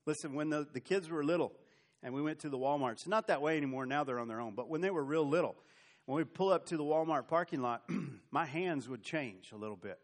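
A middle-aged man preaching a sermon with animated swings between loud and soft, with humorous asides. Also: a little high, a little fast. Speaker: pastor.

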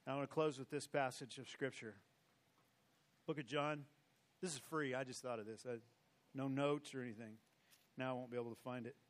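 A male pastor closing his sermon with emphatic, repetitive exhortation, then leading his church in prayer. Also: mid-range voice. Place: church sanctuary.

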